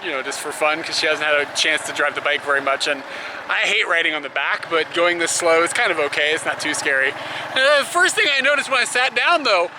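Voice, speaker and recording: A slightly high-voiced man chats loosely on a travel vlog, rambling from one thought to the next and laughing often. He's outdoors with traffic and street noise clearly audible around him. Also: expressive, fairly quick. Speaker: travel vlogger. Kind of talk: casual travel chat. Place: outdoors on a motorbike trip.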